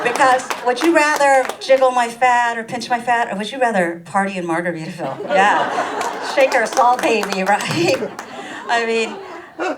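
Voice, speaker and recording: A woman from Ohio performing stand-up storytelling in a small arts venue, playful and animated, slipping into the voices of the people she quotes. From Ohio, USA. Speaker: comedian. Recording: distant mic with faint rumble.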